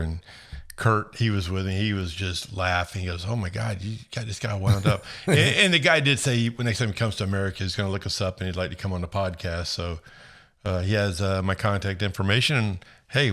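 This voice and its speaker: A man's voice: sits low, steady tone, fairly quick, fairly bright tone. A man co-hosting a podcast, telling a rambling story in casual chat and laughing along as he goes. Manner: rambling, laughs at his own stories. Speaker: podcast co-host.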